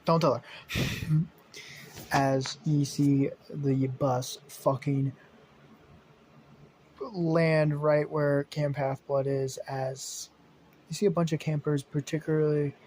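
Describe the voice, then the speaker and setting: A man's voice: on the high side, level tone, slow, long pauses, a little mellow, a little hiss or hum. A young man narrating an improvised fan story, rambling with many fillers and casual swearing.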